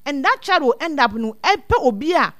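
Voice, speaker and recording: Guest expert, woman, high voice, dry close sound, earnest and repetitive. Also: sing-song, moderate pace, fairly bright tone, no echo. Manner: earnest, repeats words as she thinks. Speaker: guest speaker on child welfare. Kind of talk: casual advice talk mixing two languages.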